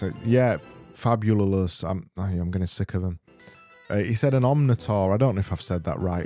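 A man from Britain hosting his own comedy podcast, reading messages in a rambling, sardonic way. His voice sits low with a soft, dark tone. Faint music sits under parts of it. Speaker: podcast host.

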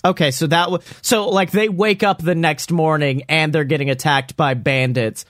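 A man brainstorming a story casually, animated and profane, acting out lines as he goes. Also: a little high, moderate pace, no echo, clean studio sound.

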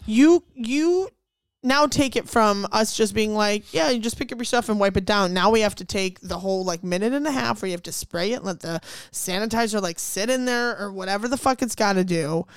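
A young woman co-hosting a casual podcast chat, relaxed and agreeable, swearing offhandedly. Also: mid-range voice, moderate pace, clear, resonant tone, no echo, studio quality. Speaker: podcast co-host.

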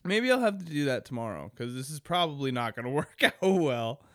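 Crude, rambling young podcast host. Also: male voice, mid-range voice, very animated, a little fast, fairly bright tone, dry recording, clean studio sound. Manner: rambling, crude, laughs often. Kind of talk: casual solo podcast chat.

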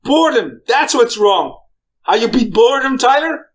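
A man quoting a restless, daring male bush pilot from a film, speaking slowly. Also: a little high, natural voice. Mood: exultant.

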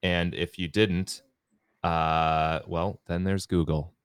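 A man co-hosting a podcast in a studio, relaxed and joking in casual chat. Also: deep voice, takes it slowly, clean tone, no echo. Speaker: podcast co-host.

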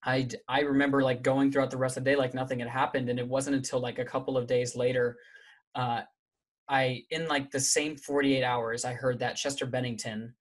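Guy guest telling his own story, halting, lots of likes and restarts, honest. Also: mid-range voice, flat delivery. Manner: candid, halting, many fillers and restarts. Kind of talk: personal storytelling in conversation.

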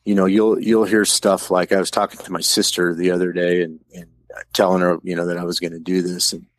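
A man from the American Midwest with a very deep voice, speaking haltingly in a casual discussion. The sound is dry and close, with no room echo. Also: flat delivery. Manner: halting, searching for words.

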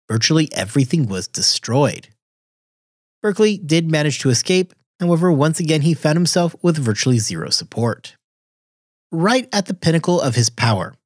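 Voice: medium pitch, dry recording, studio quality. A podcast host reading scripted history narration in a wry way, dropping casual asides.

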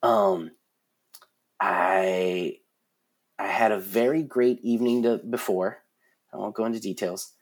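A man in his forties tells stories as an interview guest, his voice a little husky. He talks in an animated way and restarts his sentences often, filling gaps with "um" and "like". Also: fairly low pitch, slow, long pauses. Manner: animated storyteller, many fillers and restarts. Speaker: concert production guest. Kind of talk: casual interview storytelling.

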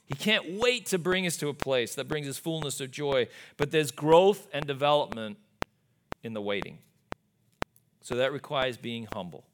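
A man preaches in a church sanctuary, swinging from loud, emphatic declarations to soft, hushed lines. His pitch sits in the middle, and he often checks in with the room through quick rhetorical asides. The live recording has clear background noise and clicks. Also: lively intonation. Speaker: pastor. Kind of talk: sermon.

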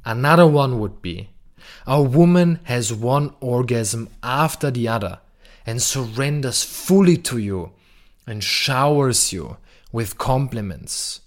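A man speaking very slowly and deliberately, leaning hard on his words. His voice sits at a middle pitch, and his delivery is blunt and emphatic, with casual swearing. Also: expressive. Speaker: podcast host. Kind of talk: monologue on masculinity and relationships.

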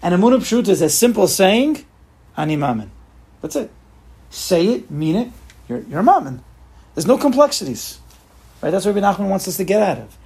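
A man's voice: high-pitched, very animated, a little fast, vocal fry, long pauses, a little mellow, breathy edge. A man giving a casual spoken Torah class, asking rhetorical questions, often restarting phrases and mixing in Hebrew terms.

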